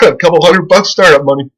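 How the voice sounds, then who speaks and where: Bright-voiced man laughing through a ramble. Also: high-pitched, rough recording. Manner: keeps laughing at his own jokes; profane, excitable, loose storytelling. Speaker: comedian. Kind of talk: casual rambling monologue pitching a website.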